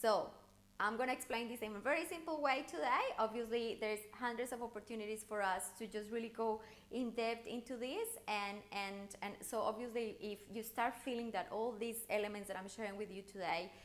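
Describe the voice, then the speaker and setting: A woman coaching viewers through an online challenge lesson, talking in an animated, encouraging way with intonation that rises and falls. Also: a little high, brisk. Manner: encouraging, speaks straight to the viewer. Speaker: communication coach.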